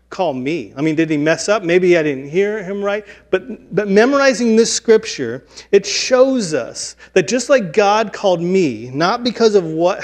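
Earnest man preaching, slightly high voice. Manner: earnest, conversational, self-deprecating. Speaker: pastor. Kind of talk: sermon. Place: church sanctuary.

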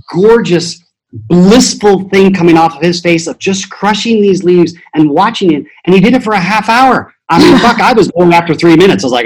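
Blunt, husky-voiced motivational man. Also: sits high, darkish tone, rough recording. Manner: blunt, profane, acts out voices in quotes. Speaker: podcast guest, transformation teacher. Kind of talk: motivational storytelling.

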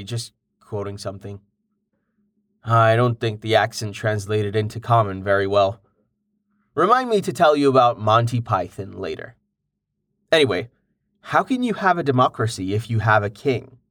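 A man's voice: medium pitch, fairly bright tone, dry recording, studio quality, lightly acted. A man voicing a curious, impatient young man. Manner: inquisitive, exasperated questions.

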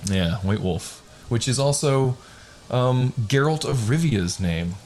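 A man's voice: medium pitch, expressive, slow, a little mellow. A middle-aged man co-hosting a podcast, joking crudely and laughing often in casual chat. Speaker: podcast co-host.

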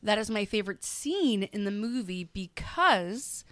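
A woman's voice: mid-range voice, unhurried, dry recording. A woman co-hosting a podcast, chatting casually and acting out movie scenes as she tells them. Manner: animated storyteller, acts out movie lines. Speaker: podcast co-host. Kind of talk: casual chat.

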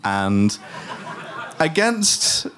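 A man's voice: mid-range voice, very animated, extremely slow, fairly bright tone. A man co-hosting a casual film podcast, making wry, sardonic asides. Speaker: podcast co-host. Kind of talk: casual comedic film discussion.

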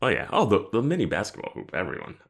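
A man's voice: lowish voice, wildly swooping pitch, quick pace, fairly bright tone. A man co-hosting a casual podcast, laughing easily and adding rambling asides about the episode. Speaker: podcast co-host. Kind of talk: casual recap chat.

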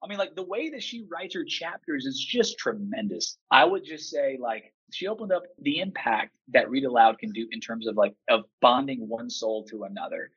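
A man in his thirties, a teacher and father, telling stories with animated, emphatic energy and acting out quotes. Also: medium pitch, moderate pace, hardly any pauses, slightly rough, lo-fi sound. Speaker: podcast guest, teacher and father. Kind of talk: enthusiastic storytelling chat.

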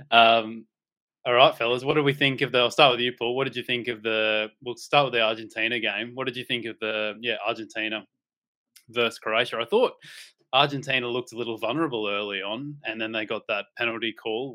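Bright-voiced Australian man hosting. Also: medium pitch. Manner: laid-back, swears freely, laughs often. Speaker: podcast host. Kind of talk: casual sports betting chat.

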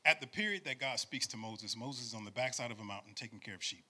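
A man in his forties preaching a conversational sermon as pastor, animated and repetitive, sliding into sing-song phrases and calling for responses from the congregation. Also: medium pitch, quick pace, husky. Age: 40s.

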